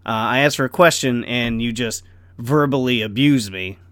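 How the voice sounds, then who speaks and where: A middle-aged man talks through a casual home vlog, wandering from story to story with lots of ums and easy laughter. He sounds self-deprecating and unhurried, at an average pitch. The room is dry, with no echo. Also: a bit bright, clear, resonant tone. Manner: rambling, self-deprecating, laughs often, many fillers. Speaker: vlogger. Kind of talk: casual rambling vlog chat.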